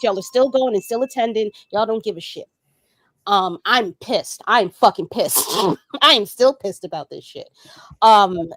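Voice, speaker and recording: A woman on a podcast, fired up and swearing freely as she rants about something that made her angry. Her mid-pitched voice comes across dry and close to the mic, with no room sound around it. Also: no room sound. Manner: profane, fired-up and emphatic. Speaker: podcast guest. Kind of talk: heated casual podcast rant.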